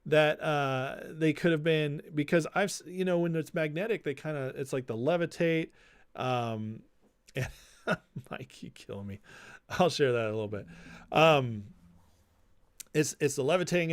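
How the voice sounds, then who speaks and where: A man's voice: on the high side, clear, resonant tone, no echo, clean studio sound. A man hosting a casual political livestream, talking loosely and reading viewer comments aloud. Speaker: livestream host.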